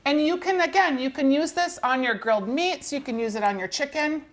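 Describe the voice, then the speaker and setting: A woman's voice: high voice, fairly quick. A woman, chatty and upbeat, walking through a cooking demonstration on a TV show. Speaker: cooking segment guest.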